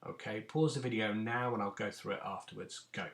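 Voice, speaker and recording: A man's voice: lowish voice, fairly even intonation, fairly quick, a bit bright. A man teaching a recorded phonics lesson to young children, patiently sounding out letters and words. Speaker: primary school teacher. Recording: echoey room.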